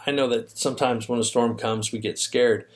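A man teaching a Bible lesson to young children, telling the story in a lively, casual way with many fillers and restarts. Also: mid-range voice, normal speed.

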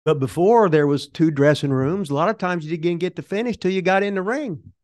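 A man's voice: high voice, brisk, darkish tone. An older man with a folksy, rambling way of telling wrestling stories as an interview guest, swearing casually. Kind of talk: rambling shoot interview storytelling.

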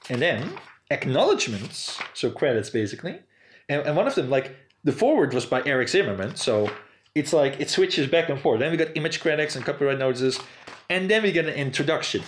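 A man's voice: normal speed, a little hiss or hum. A man hosting a casual video, rambling through his thoughts with many fillers and restarts. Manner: animated, jumps up in pitch. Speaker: video host. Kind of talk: casual unscripted commentary.

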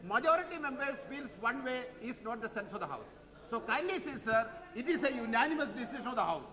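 Deferential Indian-accented MP, echoing hall. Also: male voice, very high-pitched, sing-song, quick pace, crowd noise. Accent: Indian English. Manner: deferential, addresses the chair as sir constantly. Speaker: member of parliament. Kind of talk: parliamentary debate speech.

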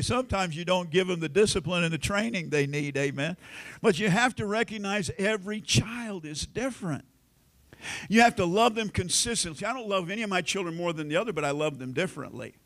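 A middle-aged American pastor preaching a sermon in a folksy storytelling way, acting out family conversations. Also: male voice, high-pitched, fairly quick, fairly bright tone. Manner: folksy storytelling, acts out quoted family lines.

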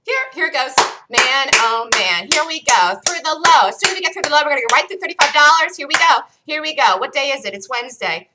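A woman hosting a live day trading room, excitedly calling trades as they happen, her voice getting worn from talking loud. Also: high voice, fast, few pauses, heavy background noise. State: losing her voice. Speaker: day trading show host.

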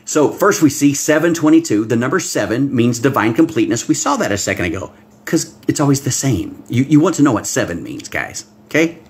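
A man preaching a livestream Bible-code sermon, excitable, swinging between hushed asides and loud exclamations and talking straight to his viewers. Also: medium pitch, fairly quick, husky. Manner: talks directly to viewers, reads out comments. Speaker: pastor.

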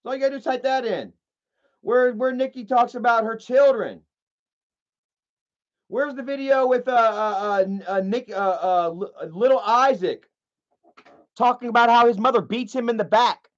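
High-voiced ranting male streamer. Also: moderate pace, pauses often. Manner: ranting, profane, rambling with fillers. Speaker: livestream host. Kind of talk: livestream commentary. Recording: muffled lo-fi audio.

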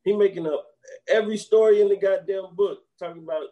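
A man's voice: sits high, fairly quick, dull audio. A man co-hosting a podcast, emphatically retelling a comedy scene and acting out its dialogue. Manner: emphatic storyteller, profane, acts out dialogue. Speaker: podcast co-host. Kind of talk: casual movie recap chat.

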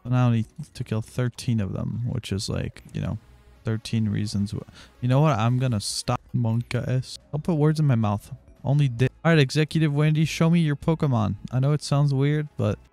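A man's voice: mid-range voice, fairly quick, vocal fry, faint music behind. Foul-mouthed young man streaming gameplay. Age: 20s. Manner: crude, joking and profane, with sudden excited outbursts. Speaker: livestreamer. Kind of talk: casual gameplay commentary to a live chat.

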